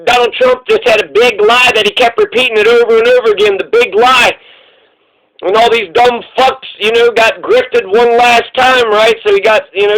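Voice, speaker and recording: A man's voice: very high voice, a bit bright, low-quality recording. A man giving profane, sarcastic political commentary, ranting and mocking his targets.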